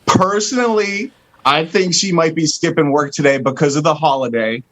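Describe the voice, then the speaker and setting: A radio co-host man with a slightly high voice who sets up jokes in a wry, deadpan way. He trades loose stories with the other hosts. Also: moderate pace, low-quality recording. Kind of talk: casual radio show banter.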